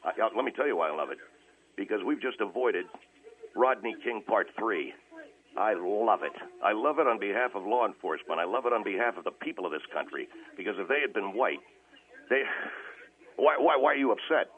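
A man's voice: fairly low pitch, expressive, pitched below the performer's own voice, lightly acted. A man voicing a combative, stammering conservative caller to a radio show. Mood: blustery. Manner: blustery, stammering, quick to flare up. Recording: tinny phone line.

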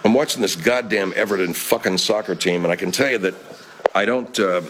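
A man's voice: low voice, brisk, noisy background. Profane, rambling man hosting a live chat. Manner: profane, rambling, laid-back. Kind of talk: casual live-stream chat reading comments.

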